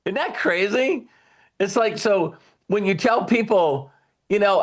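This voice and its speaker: An older man hosts a video call and gives a rambling motivational talk in a somewhat high voice. He talks in a folksy way and breaks into laughs. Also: animated, unhurried. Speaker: host.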